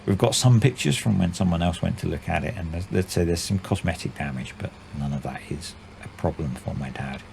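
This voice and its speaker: A man in his forties talks through a game session in a loose, rambling way, in a deep voice with a gravelly edge. He calls his own delivery usually monotone. Faint background noise sits under the recording. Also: fairly quick, hardly any pauses. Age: 40s. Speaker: gaming channel host. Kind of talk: casual let's-play commentary.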